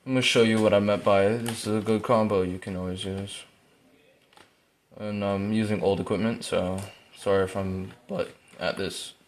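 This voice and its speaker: A man giving casual, rambling gameplay commentary, full of fillers, breaking into excited yelps while playing. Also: lowish voice, normal speed, slight background noise. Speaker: gaming YouTuber. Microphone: phone.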